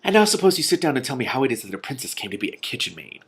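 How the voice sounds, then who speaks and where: A teasing young man of all work speaks in a dry, steady way, as a man reads his lines in a voice close to his own. It is plain storybook reading. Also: mid-range voice, racing, slightly rough, pitched above the performer's own voice.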